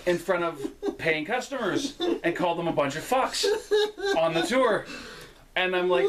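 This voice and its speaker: A man's voice: high-pitched, lively intonation, a little slow, background noise. A young man, a wrestler and guest, telling stories in casual chat, laughing often and swearing freely. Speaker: guest, local wrestler and former tour actor.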